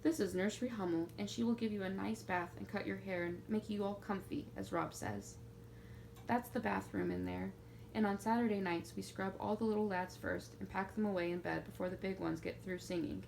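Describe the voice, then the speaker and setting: A woman reading a storybook who voices a kind, motherly schoolmistress speaking gently to a boy. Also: medium pitch, a little fast, gravelly, slight background noise, lightly acted, low-quality recording. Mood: brisk. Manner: gentle, soothing.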